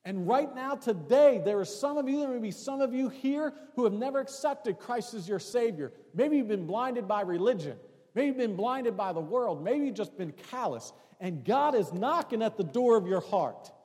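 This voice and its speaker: High-voiced preaching pastor in a reverberant hall. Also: male voice, lively intonation, normal speed. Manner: preaching with rising emphasis, drops to hushed tones for stories. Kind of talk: sermon.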